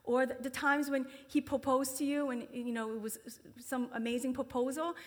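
A woman with a high voice preaches in a casual, conversational way. She acts out the voices of the people in her story and sometimes drops to a whisper for emphasis. Her voice carries a long reverb from a large hall. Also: fairly even intonation, normal speed. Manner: conversational, acts out quoted voices with big pitch jumps. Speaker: speaker at a ministry gathering. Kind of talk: sermon.

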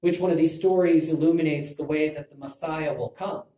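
A man's voice: a little high, steady tone, a little fast, dark tone. A man giving a Bible teaching talk, thinking aloud with frequent restarts. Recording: echoey room.

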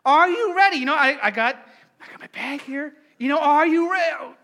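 Brief: middle-aged male preacher, very high bright voice, playful and engaging with the crowd. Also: normal speed. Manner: lively, playful, asks the congregation questions. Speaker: pastor. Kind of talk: sermon.

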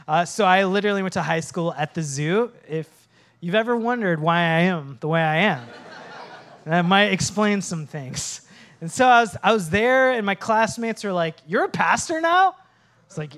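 Male pastor, high voice, late 30s, from Minnesota, sermon, self-mocking humor, prayerful. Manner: storytelling, self-mocking humor, then soft prayerful close.

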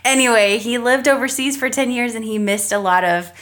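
A woman's voice: a little high, a bit bright. A woman from Florida hosting a podcast, chatting casually and laughing easily as she talks. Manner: chatty and giggly, quick to laugh. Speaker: podcast host.

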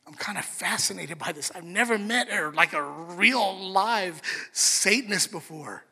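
A male pastor preaching a sermon, telling a story with lively, acted-out quotes. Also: high voice, measured pace, creaky, slightly rough. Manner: animated storyteller, acts out quotes. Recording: long reverb of a large hall, soft music behind.

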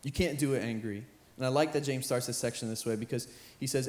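A young man, a high school pastor, preaching an earnest sermon that repeats phrases and builds in intensity. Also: fast talker, hardly any pauses, darkish tone. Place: church sanctuary with band playing behind. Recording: roomy church hall with live music.

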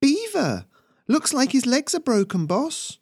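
A man voicing an excitable small lookout bird calling out urgently. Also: very high-pitched, unhurried, breathy edge, no echo, clean studio sound, voice pushed up, exaggerated voice.

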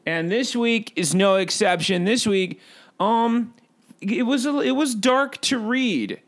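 A man's voice: high-pitched, slow. A man doing Chad, a rambling cartoonish bird. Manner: rambling, goofy, self-talking asides. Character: bored hyper male bird podcast host. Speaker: podcast host. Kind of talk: comedic character podcast. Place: home recording booth.

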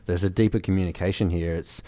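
Man, very deep voice, mellow tone, casual explaining. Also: steady tone, quick pace. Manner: explanatory, thoughtful. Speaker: podcast co-host. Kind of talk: casual chat.

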